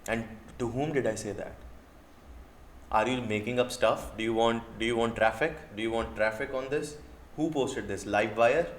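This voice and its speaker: A man's voice: mid-range voice, normal speed, reverberant, a little hiss or hum. An indignant man with an Indian English accent rants straight to camera. He is a dating coach firing off rhetorical questions and casual swearing in a heated reaction video.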